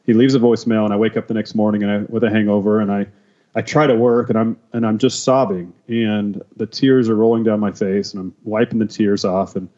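A man telling his personal testimony as a podcast guest, emotional and halting, with many restarts. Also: lowish voice, steady tone, dark tone, highs cut off.

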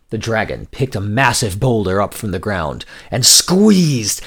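A man narrating a scripted folk tale in a measured storytelling manner. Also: fairly low pitch, very animated, fairly bright tone.

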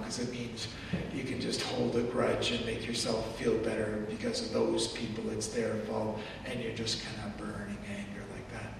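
A male pastor delivers his sermon in a casual, animated way, jumping into little acted outbursts. He is heard from a distance in a large church with a long reverb. A faint rumble runs under his voice. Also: a little slow, vocal fry. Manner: animated, acts out angry outbursts in quotes. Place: church sanctuary. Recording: echoey church hall from far off.

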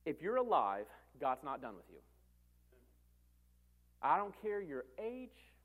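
A man with a high voice preaches a sermon to his congregation. He is animated, swinging from loud, emphatic calls down to quiet, confiding asides. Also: takes it slowly, narrow, tinny audio. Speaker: pastor.

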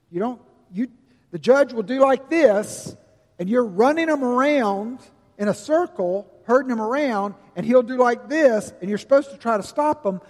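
An older man preaching a sermon, earnest and folksy, telling stories with slow, emphatic stretches. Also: sits high, darkish tone. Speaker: pastor. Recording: long reverb of a large hall.

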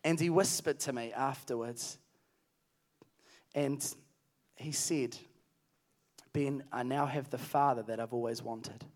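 A man's voice: mid-range voice, fairly even intonation, slow pace, long pauses, darkish tone. A man preaching at a youth camp, telling a story earnestly and then calling energetically to the crowd. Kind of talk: sermon. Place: large hall at a camp.

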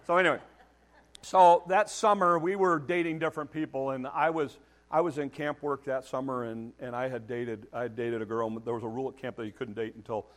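A man's voice: mid-range voice, steady tone, a little fast. A middle-aged man preaching a sermon, emphatic and direct, challenging his listeners and repeating words as he builds each point. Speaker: pastor.

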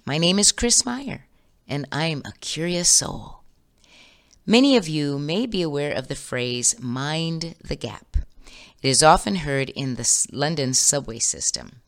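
Low gravelly woman host, expressive. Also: a little slow. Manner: warm, storytelling, expressive. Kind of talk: scripted reflective talk.

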